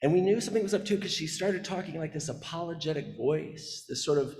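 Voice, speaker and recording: A man from the Midwest preaching through a personal story, chatty and conversational, restarting his sentences as he goes. His voice sits a bit high. It rings with the long reverb of a church sanctuary. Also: expressive, a little fast, darkish tone. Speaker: guest preacher. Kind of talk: storytelling sermon. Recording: echoey church hall.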